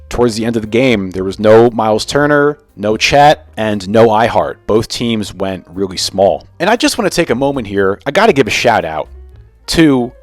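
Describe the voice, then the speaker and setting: A man's voice: mid-range voice, no room sound. A young man hosting a casual sports commentary vlog, opinionated and ranting about the game. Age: young adult. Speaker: sports video host.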